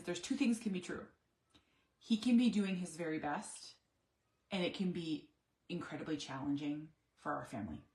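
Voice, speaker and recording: A woman's voice: lowish voice, roomy sound. A middle-aged woman, a mother of an autistic son, talking candidly in a personal vlog, reflective and searching for words with many restarts.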